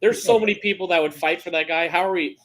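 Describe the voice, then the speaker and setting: A man's voice: high-pitched, fast talker, fairly bright tone. A man co-hosting a sports podcast, chatting casually and joking with frequent restarts. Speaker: podcast co-host.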